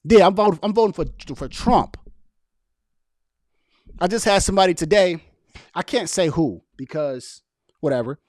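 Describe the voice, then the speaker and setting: A young man speaking casually on a livestream, arguing back at viewers' chat comments in an animated, argumentative way. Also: high voice, normal speed, long pauses, no room sound, clean studio sound. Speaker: political vlogger reading live chat.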